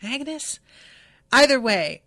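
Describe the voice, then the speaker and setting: A woman's voice: sits high, expressive, very slow, a bit bright, no room sound, studio quality. A woman hosting a podcast, recapping a TV episode in casual chat with plenty of enthusiasm and swearing, and reading out listener comments. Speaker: podcast host.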